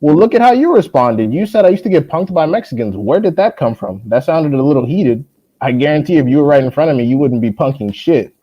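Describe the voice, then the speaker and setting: A young man hosting a boxing live stream, ranting at a viewer in a profane, mocking way and mimicking people in high voices. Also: expressive, a little fast, dull audio. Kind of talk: heated casual live-stream rant.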